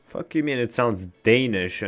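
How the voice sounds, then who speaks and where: A male streamer talks in an unhurried, drawn-out way while he reacts to game updates and chat messages. He swears freely and gets loud when something surprises him, with a voice of ordinary pitch for a man. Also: expressive, faint music behind. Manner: profane, reacts loudly to chat. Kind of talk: casual gaming stream chat.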